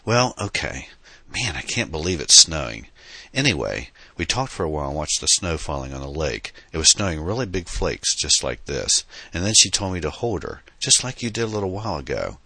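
A man's voice: very deep voice, big pitch swings, brisk, bright, forceful tone, no room sound, full character voice. A man reading an audiobook, voicing a troubled, skeptical young musician who tells his story in an earnest, confessional way.

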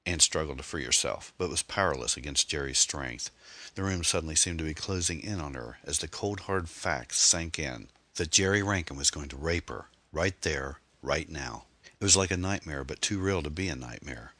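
A man narrating a novel in a measured, steady storytelling manner. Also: extremely low pitch, no room sound. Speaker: audiobook narrator.

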